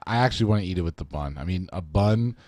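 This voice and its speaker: A man's voice: deep voice, expressive, fast, a little mellow, no room sound. Blunt man arguing on a podcast. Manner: blunt, emphatic, crude. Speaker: podcast co-host. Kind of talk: casual podcast chat.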